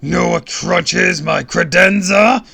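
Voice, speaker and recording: A man voicing a booming, hot-headed, muscle-bound male villain who bellows every line. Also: slow pace, vocal fry, crowd noise, heavily acted. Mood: menacing. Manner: bellowing, furious.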